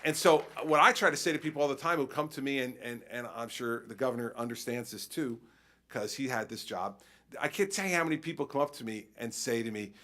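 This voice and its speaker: Animated, lively-voiced male governor. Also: a little high, fast. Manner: animated storytelling, acts out exchanges. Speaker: state governor. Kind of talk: conference panel answer.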